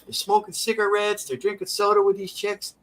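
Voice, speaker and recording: A man's voice: high-pitched, fairly quick, rough recording. A man hosting a drawing stream, telling a rambling story with casual swearing. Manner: rambling, profane, animated. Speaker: stream host.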